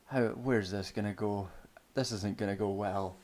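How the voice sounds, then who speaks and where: Streaming from Scotland, a young man tears into a film with profane, sardonic rambling and frequent restarts. His voice is on the low side and darkish, with a steady tone and moderate pace.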